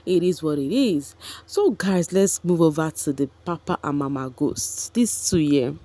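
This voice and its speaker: A woman's voice: low-pitched, expressive, measured pace, warm tone. A woman, gossiping chattily about a reality show for her vlog viewers, with frequent asides to them. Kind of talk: casual commentary vlog.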